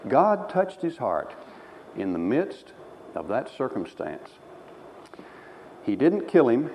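A man preaching a sermon, telling the story with lively, animated delivery and acting out the voices. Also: mid-range voice, slight background noise. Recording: dull sound in a reverberant hall.

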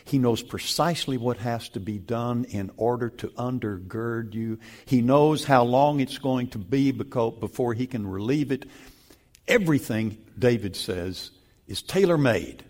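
An older man preaching a sermon, slow and emphatic, with sudden loud stresses on key words. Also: mid-range voice. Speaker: pastor.

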